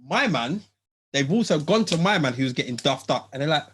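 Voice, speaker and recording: A man, telling a story in casual chat, animated and slangy, acting out what people said. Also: on the high side, fairly quick, slight background noise. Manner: animated, slangy, acts out quotes in lively voices. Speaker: podcast host.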